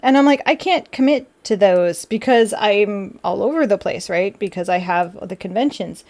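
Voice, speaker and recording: A young woman streamer chatting casually while building a model kit, animated and full of quoted back-and-forth. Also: mid-range voice, moderate pace. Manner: chatty and animated, with frequent laughs and quoted dialogue.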